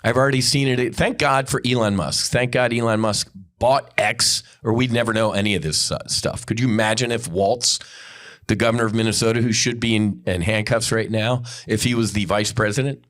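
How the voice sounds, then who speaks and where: Guy on his podcast going off, angry and swearing, kinda low voice. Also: fairly even intonation, a little fast, a bit bright. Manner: angry, profane, blunt. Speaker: podcast host. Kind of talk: unscripted ranting monologue.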